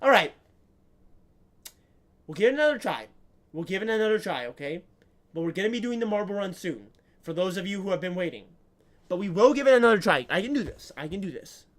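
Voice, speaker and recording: Playful game streamer joking with chat. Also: medium pitch. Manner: playful, jokey, talks to chat. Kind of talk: casual gameplay commentary.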